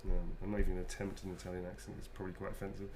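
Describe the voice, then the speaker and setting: A man's voice: low-pitched, monotone, very fast, a loud crowd. A man who is an actor, chatting and joking as he signs autographs and reads out fan messages. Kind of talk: casual chat during a live signing.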